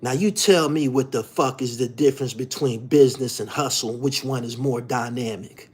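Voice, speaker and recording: A man's voice: medium pitch, moderate pace, darkish tone, breathy edge. A man hosting his own show, delivering a profane, heated monologue that keeps circling back to the same question. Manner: profane, repetitive, heated, keeps asking "you dig". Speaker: podcast host. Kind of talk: ranting monologue.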